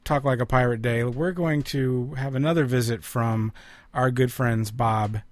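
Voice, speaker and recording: A man hosting a radio show, introducing recordings in a relaxed, halting way with pauses and restarts. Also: medium pitch, dry recording. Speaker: radio host. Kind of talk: casual on-air chat introducing recordings.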